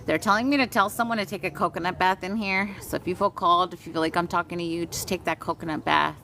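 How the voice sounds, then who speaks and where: A woman with a somewhat low voice leads a live-streamed energy healing session. She chants long strings of invented syllables, then drops into loose, frank chat with her viewers and swears now and then. A faint hiss sits under her voice. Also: fairly even intonation, fast talker, vocal fry, sharp tone. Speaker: spiritual healer.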